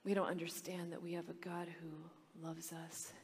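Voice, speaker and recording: A religious sister giving a talk, telling stories with animation and acting out the voices of children. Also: female voice, lowish voice, completely flat delivery, normal speed, husky, big-room sound. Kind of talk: storytelling talk to a retreat audience.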